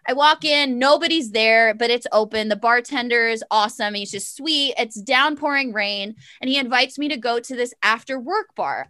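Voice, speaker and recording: A young woman telling a long personal story in casual chat, sassy and animated, full of fillers and quoted dialogue. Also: a little high, no echo.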